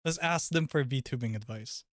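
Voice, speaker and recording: A male streamer chatting casually to viewers on a live stream, excitable and loud, swearing and laughing often. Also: medium pitch, normal speed, no echo, studio quality.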